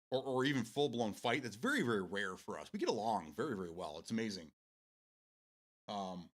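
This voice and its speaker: A man's voice: medium pitch, a bit bright. An American man hosting a live stream, chatting casually with viewers in a rambling way and laughing often. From United States.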